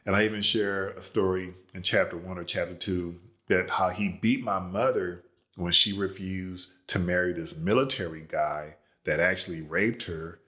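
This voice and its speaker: An author shares, in an easygoing and chatty manner, a family story he didn't include in his book. His voice is very deep, and he leans on ordinary filler words and comfortable pauses as he tells this casual personal tale.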